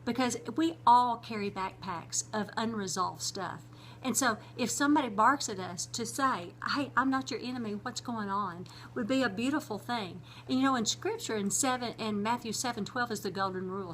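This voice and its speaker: A woman's voice: a little high, moderate pace, fairly bright tone, a little hiss or hum. A middle-aged woman, hosting her own vlog and talking about relationships in an earnest, conversational, teaching way. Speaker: host. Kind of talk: casual vlog talk on relationships.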